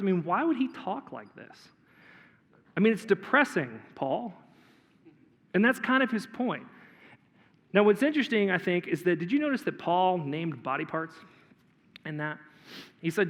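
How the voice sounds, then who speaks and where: A male pastor preaching a sermon in a conversational way, often clearing his throat and repeating words. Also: high voice, animated, normal speed, fairly bright tone. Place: church auditorium. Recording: long hall reverb.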